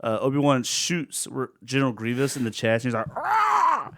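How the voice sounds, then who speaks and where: A man in his thirties hosts a relaxed podcast conversation with friends. He talks in an animated, joking way at an ordinary middle pitch, and he often breaks into loud effects and laughter. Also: a little fast. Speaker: podcast host. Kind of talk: casual chat.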